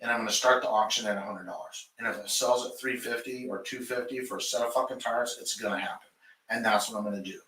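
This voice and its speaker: A man's voice: on the low side, steady tone, fast, bright, forceful tone, recorded from a distance. A shop owner talking in a casual podcast chat, heated and profane, ranting about his business. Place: garage. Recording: roomy garage, off-mic.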